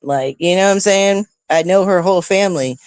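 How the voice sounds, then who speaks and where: A middle-aged woman casually telling a story to her stream viewers in a profane, animated way, often checking in with "right?". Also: on the low side, a little fast, smooth, no echo. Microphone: close streaming mic.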